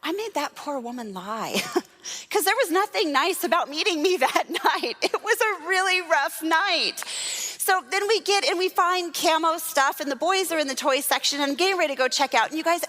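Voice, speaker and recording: Bright high-voiced woman pastor telling a story. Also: moderate pace. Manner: lively storytelling with laughs and acted-out quotes. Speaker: children's pastor. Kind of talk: personal story sermon. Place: church service.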